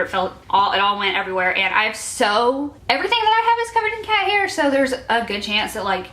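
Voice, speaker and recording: A woman's voice: mid-range voice, bright, forceful tone. A young woman in her twenties chatting casually as a vlogger, reading old notes aloud and giggling at herself in a self-mocking way. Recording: echoey room.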